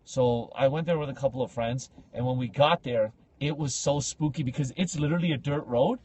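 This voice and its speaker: A man telling a story on a casual podcast, slangy and animated, acting out the people in it. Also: mid-range voice, fairly quick, a little hiss or hum. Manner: animated, acts out quoted speech with big loud jumps; slangy, says bro and like a lot.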